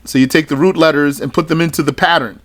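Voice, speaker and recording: A man's voice: a little high, fairly even intonation, fast, a bit bright. A man teaching a religious studies lesson, reading out a list item by item and adding short explanatory asides. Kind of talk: slow recitation lesson.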